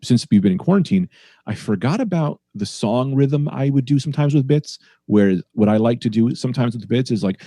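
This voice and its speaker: A man's voice: mid-range voice, animated, a little fast, dark tone, no echo, studio quality. A man, a stand-up comedian, talking casually on a podcast and playing with sing-song inflections.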